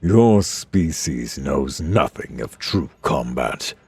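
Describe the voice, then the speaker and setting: Big bragging alien brute, slow scornful delivery, deep and wide-ranging, a guy reading him. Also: lively intonation, darkish tone, husky, dry recording, soft background music, heavily acted. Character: huge arrogant male alien warrior, booming.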